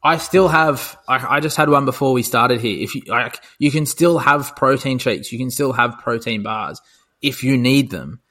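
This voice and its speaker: A man's voice: mid-range voice, normal speed, sharp tone. A young man co-hosting a podcast, chatting casually in a rambling way, swearing freely and full of fillers and restarts. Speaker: podcast co-host. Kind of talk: casual chat.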